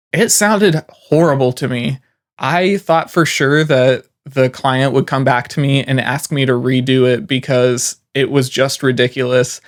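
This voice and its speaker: A man with a somewhat high-pitched voice talks to beginner freelancers in an encouraging, conversational way, using plenty of "you know"s. He speaks as a voiceover artist sharing advice from his own work.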